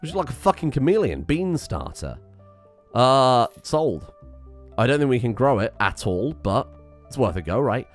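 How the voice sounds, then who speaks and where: A man's voice: medium pitch, moderate pace, soft background music. Sweary man narrating gameplay. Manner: sweary, sarcastic, animated outbursts. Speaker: gaming streamer. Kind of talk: casual let's-play commentary.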